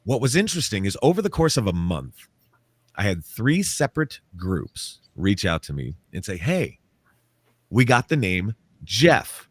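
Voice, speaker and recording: A man, a paranormal author and interview guest, telling a story in a casual, animated way and acting out the quotes. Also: on the low side, unhurried, husky, no room sound. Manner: animated, acts out quotes, laughs often.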